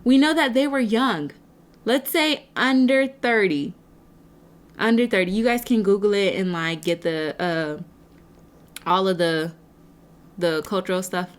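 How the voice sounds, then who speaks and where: A woman's voice: mid-range voice, unhurried, long pauses. A woman giving an earnest, faith-based motivational talk to camera, speaking to her viewers like a preacher and piling up rhetorical questions. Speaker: motivational speaker and nonprofit founder.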